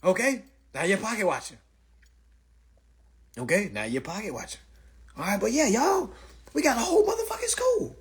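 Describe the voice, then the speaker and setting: A man ranting casually and profanely on a phone livestream, animated and loud. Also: high voice, moderate pace, pauses often, husky. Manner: animated, profane, mimics others' voices. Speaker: livestream host.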